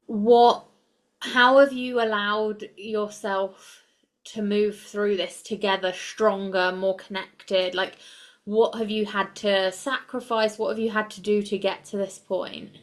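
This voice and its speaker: Female podcast host, mid-pitched voice, affirming and encouraging interviewer. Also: flat delivery, slow pace. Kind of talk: interview conversation.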